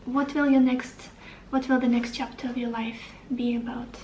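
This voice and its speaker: A woman's voice: a little high, level tone, normal speed, echoey room, recorded from a distance, background noise. A woman giving a tarot reading to the camera, upbeat and encouraging, thinking aloud as she turns over cards. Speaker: tarot reader.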